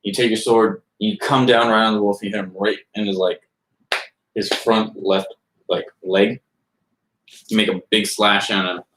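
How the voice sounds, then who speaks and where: A man's voice: on the low side, little pitch movement, moderate pace, background noise. A young man narrating as game master, rambling loosely with lots of filler words. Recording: roomy echo.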